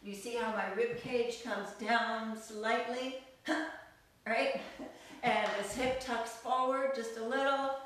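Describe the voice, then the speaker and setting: A woman's voice: a little high, fairly even intonation, takes it slowly, a bit bright, recorded from a distance, slight background noise. A woman teaching a live online belly dance class, counting beats in a sing-song voice and explaining moves in a chatty, upbeat way, recorded by a camera mic across the room in a studio. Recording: echoey room, voice from away from the mic, music playing. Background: dance music.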